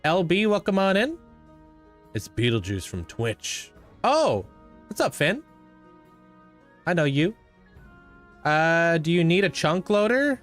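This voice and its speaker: A man's voice: high voice, a bit bright. A young man livestreaming a game, chatting casually and greeting viewers by name. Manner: laid-back, thanks and greets viewers by name. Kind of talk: casual chat with live viewers while playing.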